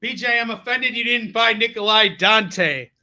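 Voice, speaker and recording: A man with a high, bright voice co-hosts a live shopping show. He sells comic books with playful, jokey patter and teases the viewers as he goes. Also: moderate pace. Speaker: co-host selling comics.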